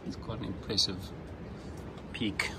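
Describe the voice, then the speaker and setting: A man narrating a casual sailing travel vlog, relaxed and hesitant with frequent ums and uhs, recorded outdoors on a handheld camera. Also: on the low side, measured pace, gravelly. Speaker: sailing vlogger. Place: outdoors on an island. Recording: windy outdoor noise.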